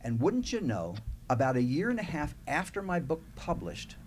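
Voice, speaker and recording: A man who wrote a techno-thriller, a guest on a local radio show, telling a story in a measured way that drops to a low, confiding tone. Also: huge pitch swings, a little hiss or hum. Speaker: guest author. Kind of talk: casual radio interview.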